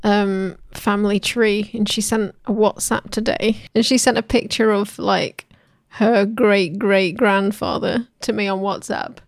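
A woman's voice: mid-range voice, steady tone, measured pace, hardly any pauses, dry recording, clean studio sound. A woman co-hosting a podcast in casual chat, giggly and chatty with anecdotes. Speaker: podcast co-host.

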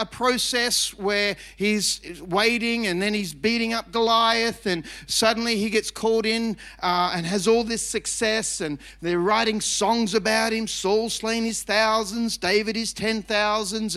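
A middle-aged man preaching a lively sermon as pastor, emphatic and chatty, with repeated phrases and self-mocking asides. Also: high voice. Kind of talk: energetic sermon.

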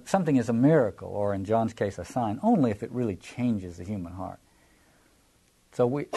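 A man's voice: medium pitch, warm tone, husky. A man teaching a Bible passage in a reflective lecture, often restarting phrases and repeating words as he explains.

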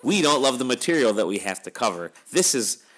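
A man's voice: mid-range voice, very animated, brisk, a bit bright. A middle-aged man hosting a podcast, talking in a wry, weary, rambling way as he wraps up the episode. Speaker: podcast host. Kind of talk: casual podcast chat.

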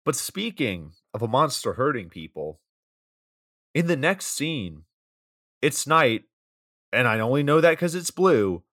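A man with an average-pitched voice walks through a bad movie's plot in a rambling, wry podcast recap. The sound is dry and close, with little room echo. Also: very animated, measured pace, pauses often, fairly bright tone. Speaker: podcast co-host.

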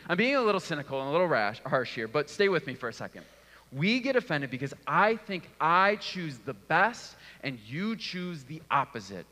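A man in his thirties, a pastor, preaching a sermon with animated storytelling and acted-out voices. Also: a little high, normal speed. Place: church auditorium. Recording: long hall reverb.

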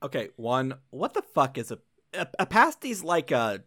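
A man's voice: mid-range voice, normal speed. A man co-hosting a podcast in casual chat, joking at his own expense. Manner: animated, self-deprecating banter. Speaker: podcast co-host.

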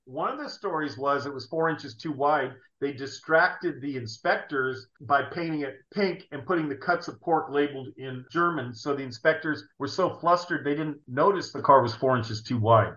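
A middle-aged man tells animated stories as an interview guest, his voice bright and forceful, on the high side for a man. The recording sounds roomy and slightly dull. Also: moderate pace, hardly any pauses. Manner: animated anecdotes with laughs. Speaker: guest, automotive artist. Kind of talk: casual storytelling.

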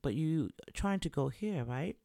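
A man voicing a proper, kindly older English gentleman in his fifties who helps travelers. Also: on the high side, lively intonation, unhurried, creaky, dry recording, studio quality. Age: 50s.

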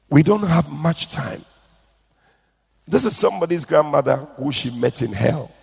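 Male preacher, husky and gravelly, urgent and pleading, recorded with long hall reverb. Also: mid-range voice, darkish tone. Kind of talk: sermon with read-out testimony. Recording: echoey hall.

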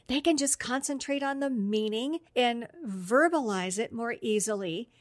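A woman's voice: fairly high pitch, no room sound. A middle-aged woman, a speech-language therapist, explaining therapy strategies on an instructional podcast in an upbeat, step-by-step way. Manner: explanatory, upbeat, lists steps.

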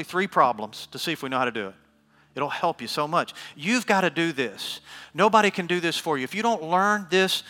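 A man's voice: sits high, bright, forceful tone, in a large hall. A man preaching a sermon, emphatic, asking the congregation questions and calling for responses. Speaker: pastor.

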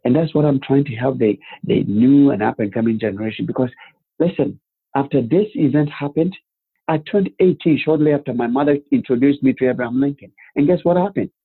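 A man telling his life story as a guest, animated, with rhetorical questions and acted-out quotes. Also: mid-range voice, brisk, breathy edge. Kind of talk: personal storytelling. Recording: phone-like narrow band.

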